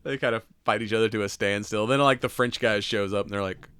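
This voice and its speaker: A man's voice: fairly low pitch, fast talker, a bit bright, smooth, no echo. A man co-hosting a podcast, recapping a movie in casual chat, loose and swearing, with lots of fillers. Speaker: podcast co-host.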